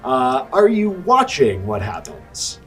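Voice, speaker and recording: A man running a tabletop game as dungeon master, narrating with a relaxed, laughing manner. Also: mid-range voice, takes it slowly. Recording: distant mic with background music.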